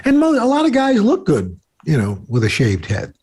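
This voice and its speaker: A man's voice: high voice, wildly swooping pitch, moderate pace, a little mellow, slightly rough. A man co-hosting a casual chat show from home into a desktop microphone, rambling with fillers and restarts. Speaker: co-host. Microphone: desktop USB microphone.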